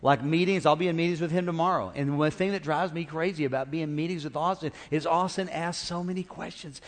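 A middle-aged man preaching a sermon as pastor, animated and calling out to his congregation. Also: fairly high pitch, quick pace, few pauses, slight background noise. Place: large church auditorium. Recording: reverberant church hall.

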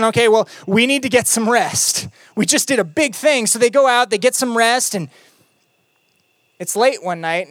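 A youth pastor preaching a sermon in a conversational storytelling way, with playful asides, lively retellings and quiet, emphatic moments. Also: mid-range voice, no room sound.

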